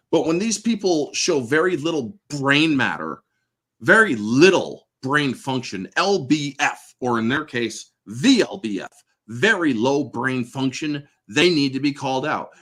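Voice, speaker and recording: Profane, animated ranting male host. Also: mid-range voice. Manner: blunt, swears constantly, sarcastic. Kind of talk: profane political rant.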